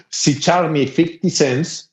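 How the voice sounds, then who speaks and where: A man from Spain with a Spanish accent, a musician guest telling stories in a casual, animated way. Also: on the high side. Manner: animated, laughing storyteller. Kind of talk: casual storytelling interview. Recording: dull lo-fi sound.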